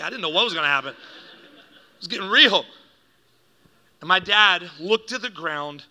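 A male pastor with a high, very bright voice preaches from the stage. He tells a family story with animated energy, acting out the quotes and laughing at his own jokes. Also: brisk. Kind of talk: preaching a sermon with stories.

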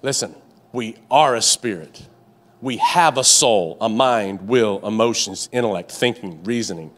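A man's voice: lowish voice, animated, measured pace, fairly bright tone. A male pastor preaching a sermon to a congregation in a church, with a repetitive cadence, call-and-response prompts and stammering restarts when worked up. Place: church sanctuary with live and online congregation.

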